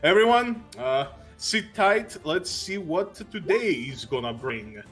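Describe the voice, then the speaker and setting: A man's voice: sits high, very animated, slow, a bit bright, faint music behind. A man running a tabletop game as game master, laughing often and rambling through his narration.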